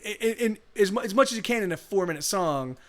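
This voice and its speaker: A man's voice: high voice, lively intonation, fairly quick, a bit bright. Rambling man telling a story. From United States. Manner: rambling, many restarts and "you know"s. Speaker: musician streaming live. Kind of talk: casual storytelling to a live stream. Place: home streaming setup.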